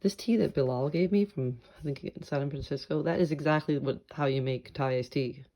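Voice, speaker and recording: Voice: medium pitch, normal speed. A vlogger chatting casually to camera in a home kitchen, playful and rambling, full of quirky wordplay. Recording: loud background noise.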